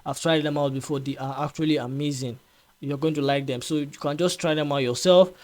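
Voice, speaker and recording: A man hosting a casual screen-recorded software tutorial, chatty and repetitive, with frequent fillers and "right?" checks. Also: on the high side, fairly even intonation, brisk. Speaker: tutorial host.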